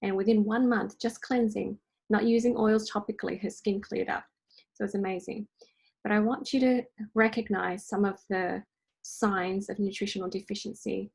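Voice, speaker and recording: A woman's voice: mid-range voice, steady tone, moderate pace, gravelly, a little mellow, slightly rough, poor audio. A woman hosting an online wellness workshop in a casual, chatty way, often checking in with her listeners with "okay?" and "right?". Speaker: energy healing workshop host. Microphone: online workshop recording.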